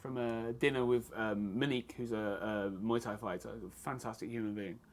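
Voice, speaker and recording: A man, a fight photographer talking as a podcast guest in a blunt, lively, profane storytelling manner. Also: on the low side, normal speed. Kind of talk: casual podcast chat. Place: martial arts gym.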